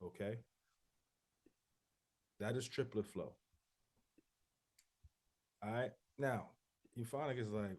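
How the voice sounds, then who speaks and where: A man's voice: lowish voice, slow, long pauses, a little mellow. A man teaching a rhythm class, repeating student answers back and scatting syllable patterns to demonstrate flows. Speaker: rap rhythm instructor. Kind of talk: casual class review.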